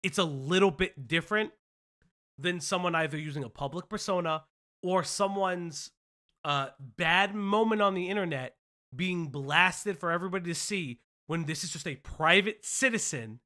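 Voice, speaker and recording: A woman's voice: on the low side, normal speed, pushed and bright. A woman hosting a commentary stream, talking bluntly and swearing often. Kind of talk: casual commentary.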